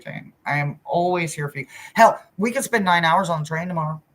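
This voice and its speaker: A woman works as a spiritual reader on a casual live chat, addressing her viewers directly with blunt, animated talk and free swearing. Her fairly low voice moves at a moderate pace and swings between loud and soft.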